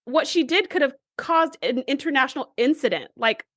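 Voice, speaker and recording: A woman's voice: sits high, expressive, a bit bright, no echo, studio quality. A woman co-hosting a podcast in casual chat, often acting out characters' lines as she recaps. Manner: chatty, quotes characters in quick re-enactments. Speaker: podcast co-host.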